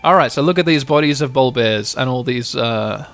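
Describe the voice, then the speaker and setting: Man, let's play host, gravelly voice, mid pitch, casual commentary, rambling restarts. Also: moderate pace, a bit bright, faint music behind. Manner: thinks aloud, frequent restarts.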